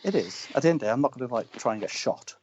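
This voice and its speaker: A man's voice: mid-range voice, expressive, rapid-fire, a little mellow, slight background noise. A man, a wrestler, telling brash, boastful stories in a casual interview. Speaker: wrestler guest. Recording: dull lo-fi audio.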